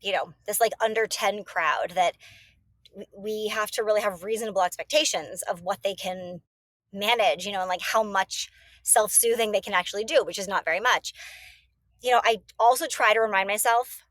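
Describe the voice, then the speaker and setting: A woman's voice: medium pitch, normal speed, fairly bright tone, no echo. A woman in her thirties joins a podcast as a guest and talks about her own parenting. She is reflective and casual, often restarting her sentences. Her voice is recorded close and dry. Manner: reflective, many fillers and restarts. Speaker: podcast guest, mother of three. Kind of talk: casual chat.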